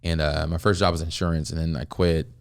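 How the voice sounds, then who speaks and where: A man's voice: extremely low pitch, level tone, a little fast, creaky, clear, resonant tone, no echo, clean studio sound. A man from the US, a guest comedian, telling stories in a casual podcast chat with a laid-back, rambling manner and lots of filler words. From United States.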